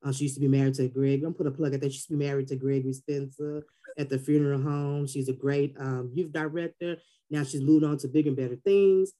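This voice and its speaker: A woman's voice: extremely low pitch, fast talker. A woman, telling stories as a podcast guest and acting out the people she quotes. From Texas Gulf Coast. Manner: animated storyteller who acts out quotes. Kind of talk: casual podcast interview.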